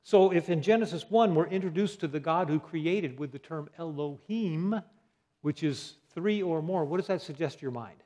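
A man teaching a Bible lesson in a slightly high voice. He quizzes his listeners and answers his own questions. He spells out key words letter by letter and pauses often on fillers. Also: warm tone. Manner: asks the audience questions and answers them.

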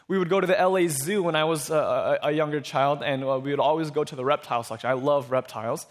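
A man's voice: a little high, quick pace. A young man preaching a sermon, telling stories and asking the congregation questions in a conversational way. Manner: conversational storytelling, asks the crowd questions. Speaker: pastor.

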